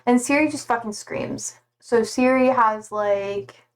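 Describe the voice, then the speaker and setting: A woman chatting casually on a live stream, playful and giggly. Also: fairly high pitch. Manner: giggly and playful, slow drawn-out talk.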